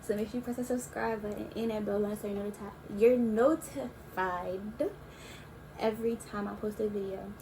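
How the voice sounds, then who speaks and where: A young woman in her early twenties chatting casually as a YouTuber, telling a storytime in a relaxed, slangy way with drawn-out asides. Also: mid-range voice, gravelly, a little hiss or hum, rough recording. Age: young adult.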